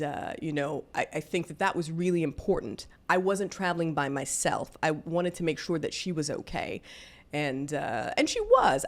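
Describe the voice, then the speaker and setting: A vlogger in her forties from the Deep South of the US tells a personal story in a low, deep-set voice. She speaks candidly and conversationally, using plenty of fillers.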